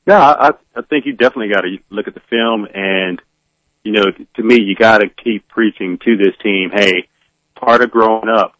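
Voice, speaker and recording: A man co-hosting a sports radio show from a distance, reflective and halting. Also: lowish voice, fairly bright tone, dry recording, highs cut off. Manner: halting, reflective, many restarts. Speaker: co-host. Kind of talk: remote radio commentary.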